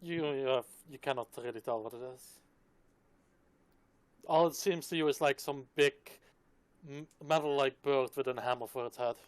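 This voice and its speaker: A man narrating as dungeon master, describing the scene in a relaxed, casual way. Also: mid-range voice, normal speed, pauses often, clear, resonant tone, no echo. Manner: descriptive, laid-back, casual swearing. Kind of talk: narrating a tabletop game.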